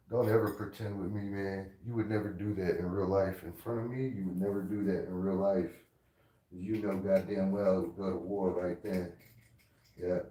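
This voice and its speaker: A man's voice: low voice, darkish tone, roomy sound, rough recording. A man ranting angrily at a commenter, insulting and aggressive, repeating himself. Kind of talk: angry profane rant.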